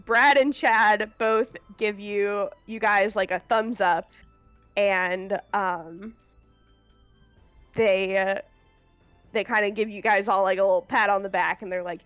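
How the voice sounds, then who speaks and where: A woman running a tabletop game as game master, narrating in an unhurried way with frequent fillers and laughs. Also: medium pitch, steady tone, fairly bright tone, clean tone, dry recording, muffled recording, faint music behind.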